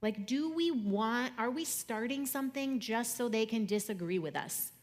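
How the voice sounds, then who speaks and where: A young adult woman speaking to an audience in a conversational, jokey way, swinging between loud and soft. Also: fairly high pitch, animated, moderate pace. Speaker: speaker giving a talk.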